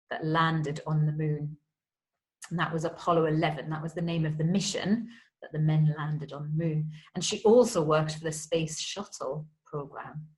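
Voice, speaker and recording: Casting note: woman, slightly low voice, patient primary teacher explaining history to kids. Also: rough recording. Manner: friendly, explains terms simply for children. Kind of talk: home-school history lesson for children.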